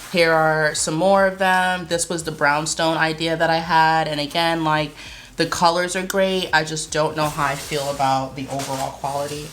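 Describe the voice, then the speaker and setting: A woman's voice: low-pitched, flat delivery, normal speed, fairly bright tone, slight background noise. A young woman vlogging about her small shop, chatty and anxious, with frequent exclamations. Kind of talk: casual vlog talk. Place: Brooklyn, New York.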